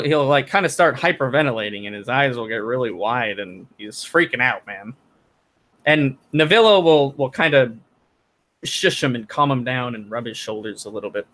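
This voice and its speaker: A man's voice: mid-range voice, expressive, a bit bright. Hesitant male dungeon master narrating. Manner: halting, with many fillers and restarts. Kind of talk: narrating a tabletop game.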